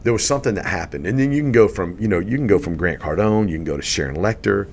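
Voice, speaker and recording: A middle-aged man with a very low voice tells a story on a podcast, his delivery animated and rising in pitch and volume when he gets excited. Faint noise sits under the recording. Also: fast. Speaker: podcast guest, real estate coach. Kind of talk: storytelling in a casual interview.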